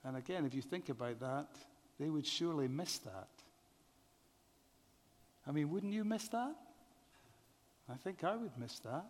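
A man preaching a sermon in a measured way, often asking the congregation rhetorical questions. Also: on the high side, lively intonation, darkish tone. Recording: long reverb of a large hall.

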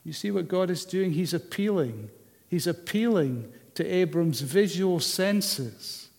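A man preaching a sermon, measured and unhurried, often asking the listeners rhetorical questions. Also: sits high, expressive, creaky, darkish tone. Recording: long hall reverb.

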